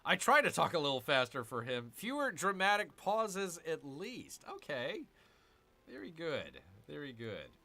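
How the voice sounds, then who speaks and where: Male gaming host, animated pitch, chatty with his viewers while he plays. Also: measured pace. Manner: chatty, answers viewer chat while muttering over his moves. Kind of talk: casual let's-play commentary.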